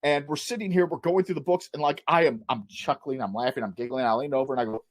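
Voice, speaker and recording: A man's voice: mid-range voice, fast, few pauses. A man hosting a comedy panel over a video call, telling a rambling story with lots of fillers and giggles.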